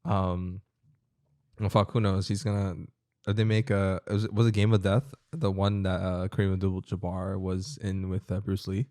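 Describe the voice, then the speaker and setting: A man's voice: low voice, level tone, moderate pace, dark tone, no echo, studio quality. A young man co-hosting a podcast, chatting casually, rambling with lots of fillers and freely swearing. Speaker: podcast co-host. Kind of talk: casual chat.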